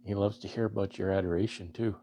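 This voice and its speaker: A man from Canada, a beekeeper vlogger, talking to his viewers in a halting, earnest way with many restarts, emotional and choking up. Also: on the low side, fairly even intonation, dark tone, slight background noise. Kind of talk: casual heartfelt talk to camera.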